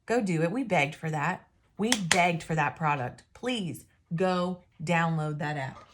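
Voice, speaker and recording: Chatty rambling woman, lowish voice. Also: a little slow. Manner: rambling, chatty, self-interrupting. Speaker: independent sales consultant. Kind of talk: casual talking-to-camera advice.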